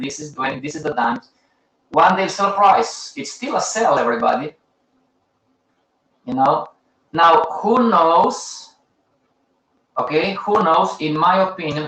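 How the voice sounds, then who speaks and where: A man's voice: on the high side, a bit bright, echoey room, poor audio. A man with as a hosting a live teaching session, talking to his audience in short, emphatic, repeated phrases and chiding them. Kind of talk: casual live-stream teaching.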